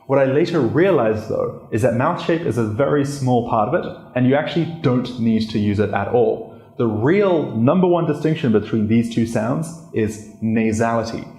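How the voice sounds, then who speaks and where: A man who is himself learning the language gives a casual pronunciation lesson, chatting in a relaxed way with plenty of "like" fillers. His voice is medium-pitched and moderately paced, and the recording has a roomy echo.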